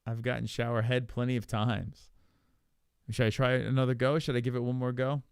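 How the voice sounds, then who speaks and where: A man hosting a casual podcast, thinking aloud while he plays a quiz, with lots of swearing, fillers and halting repeats. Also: mid-range voice, flat delivery, creaky, a little mellow, clear, resonant tone, no echo, clean studio sound. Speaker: podcast host. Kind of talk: casual chat while playing an online quiz.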